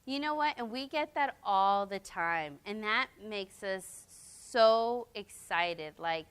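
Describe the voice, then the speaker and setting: A woman's voice: medium pitch, expressive, slow pace, fairly bright tone, smooth. A middle-aged mother speaking casually and sentimentally at a public question-and-answer talk, with chatty asides. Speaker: mother and business co-founder.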